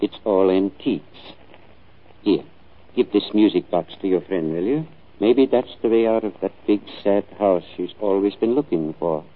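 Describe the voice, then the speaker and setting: An actor playing a kindly, lonely secondhand shopkeeper who talks in a gentle, confiding way, in an old film. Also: male voice, lowish voice, moderate pace, natural voice. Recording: tinny lo-fi old film soundtrack.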